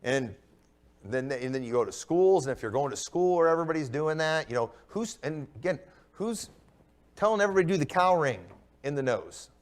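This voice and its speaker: Young pastor preaching, higher-pitched man, swinging from loud to low. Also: lively intonation, fairly quick. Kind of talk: sermon.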